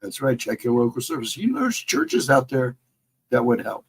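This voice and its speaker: Husky middle-aged male co-host, earnest and reassuring, casual live chat. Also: mid-range voice, huge pitch swings, moderate pace, rough recording. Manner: earnest, encouraging, repeats advice. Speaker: livestream co-host.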